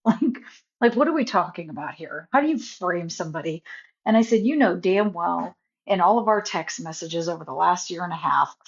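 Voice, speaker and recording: A woman vlogging in a casual rant, indignant and rambling, often cutting herself off mid-sentence. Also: lowish voice. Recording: dull lo-fi phone audio.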